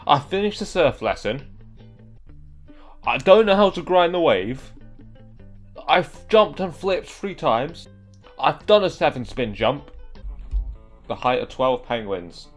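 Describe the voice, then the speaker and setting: Young man, gameplay commentary, exasperated, very expressive pitch. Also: slow, long pauses, faint music behind. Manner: exasperated, talks back at the game. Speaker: gaming video creator.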